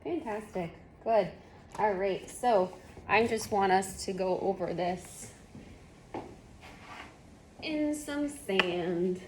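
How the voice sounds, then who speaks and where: A woman's voice: mid-range voice, a little slow, slight background noise. Patient, encouraging woman reading tutor. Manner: patient, encouraging, gives step-by-step prompts. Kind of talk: one-on-one phonics lesson.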